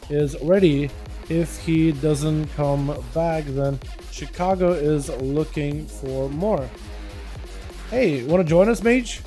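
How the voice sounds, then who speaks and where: Hoarse, excitable male game streamer. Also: a little high. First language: Russian. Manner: excitable, hypes and banters with chat. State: hoarse, voice rough tonight. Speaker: livestream host casting game duels. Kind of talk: casual livestream commentary.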